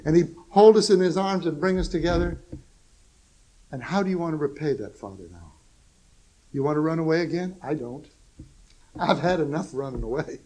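Male preacher, fairly high voice, folksy and emphatic, soft asides against loud exclamations. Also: expressive, normal speed, low-quality recording. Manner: chuckles at his own jokes. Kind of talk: sermon.

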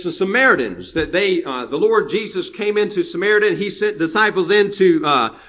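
A man's voice: high-pitched, a bit bright. A man preaching a sermon, emphatic and repetitive, with frequent restarts.

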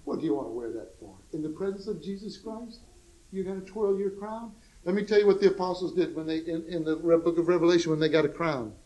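A man preaching a sermon, in a fairly high voice. He drops to soft, low asides, then rises to loud, emphatic exclamations. He keeps a folksy humor and chuckles at his own jokes. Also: fast, poor audio.

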